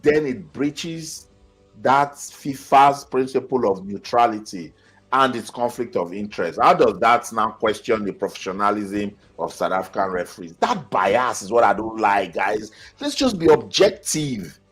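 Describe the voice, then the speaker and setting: A man's voice: lowish voice, a little slow, a bit bright, breathy edge, faint music behind. A man with a Nigerian accent hosting a football channel, reading viewers' comments aloud and reacting in a chatty way. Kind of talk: live-stream commentary.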